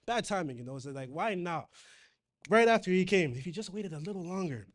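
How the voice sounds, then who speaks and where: A man's voice: sits high, animated, a little fast. A man preaching a sermon in a conversational way, reading scripture aloud and retelling it in casual slang.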